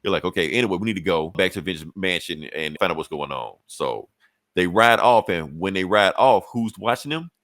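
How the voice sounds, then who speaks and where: Man, low-pitched, casual profane comic-recap host, dry close sound. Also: expressive, a bit bright, no room sound. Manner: loose, profane storytelling with quick acted-out quotes. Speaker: comic book podcast host.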